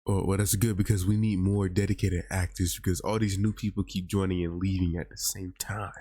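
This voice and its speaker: A man's voice: low voice, flat delivery, a little fast, warm tone, husky, no room sound, clean studio sound. A man from Georgia, hosting a casual chat podcast and rambling with plenty of fillers. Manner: rambling, many "like" and "I mean" fillers. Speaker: podcast host. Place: virtual reality chat room.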